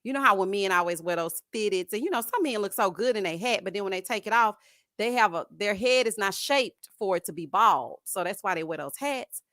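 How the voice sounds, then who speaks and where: A woman hosting a live stream, giving sassy, animated commentary and calling her viewers "honey" and "child". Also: medium pitch, a little fast, no room sound, studio quality. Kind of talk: casual reality-show commentary.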